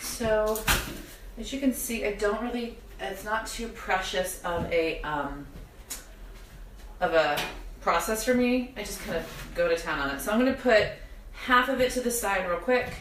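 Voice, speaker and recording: A young woman hosts a live cooking demo from her home kitchen, talking to viewers with self-deprecating humor as onions make her eyes water. Her mid-range voice moves at a measured pace and sounds roomy and distant, with pots and dishes clattering in the noisy background.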